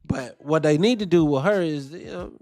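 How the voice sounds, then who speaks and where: A man's voice: on the high side, moderate pace, creaky, soft background music. A man hosting a wrestling podcast, giving blunt, profane opinions in casual commentary and answering his chat. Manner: animated, blunt, profane, talks back to chat.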